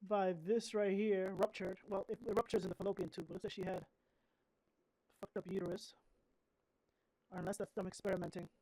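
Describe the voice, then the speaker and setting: Woman streamer chatting over a game, blunt, swears a lot, thinks out loud. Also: mid-range voice, flat delivery, fairly quick, pauses often, no echo, poor audio. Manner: blunt, profane, musing aloud. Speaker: streamer playing a horror game. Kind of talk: casual gameplay commentary.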